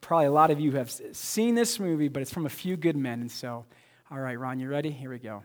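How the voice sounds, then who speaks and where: Conversational pastor preaching in a reverberant church. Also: male voice, mid-range voice, fast talker. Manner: conversational, repeats words, asks the congregation questions. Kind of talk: sermon. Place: church sanctuary.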